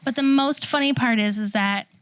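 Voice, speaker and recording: A woman's voice: on the high side, moderate pace, a bit bright, slight background noise. A woman co-hosting a podcast, telling a funny story in casual chat and laughing as she quotes people. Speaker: podcast co-host.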